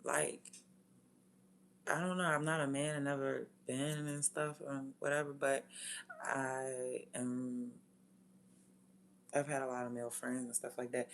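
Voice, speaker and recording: Gravelly, blunt DC-woman streamer. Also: a bass voice, fairly even intonation, normal speed, long pauses. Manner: blunt, profane, drops from loud to near-whispered asides. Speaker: livestreamer. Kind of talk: casual livestream chat.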